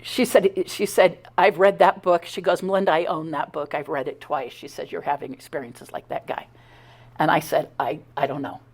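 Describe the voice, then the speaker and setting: A middle-aged woman giving a talk, telling her own story in an animated, conversational way, acting out the dialogue and often stumbling and restarting. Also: low voice, normal speed, slightly rough. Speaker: speaker giving a talk on her abduction experiences. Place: talk at a spiritual center.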